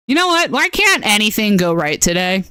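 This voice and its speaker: Woman game streamer, nasal, lively pitch swings, joking and fed up with her gear, dry close sound. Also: smooth, no echo. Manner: animated, self-deprecating, exasperated at tech trouble. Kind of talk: casual live-stream chat while gaming.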